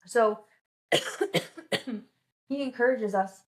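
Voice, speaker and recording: A woman's voice: a little high, takes it slowly, echoey room, low-quality recording. A woman vlogging in a casual, enthusiastic, chatty way, full of "like"s and restarts. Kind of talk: casual chat.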